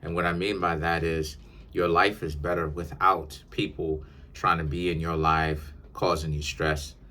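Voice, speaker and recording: A man's voice: sits low, little pitch movement, a little slow, bright, forceful tone. A man giving a tarot reading in an emphatic, lecturing monologue, often repeating his words. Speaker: tarot reader.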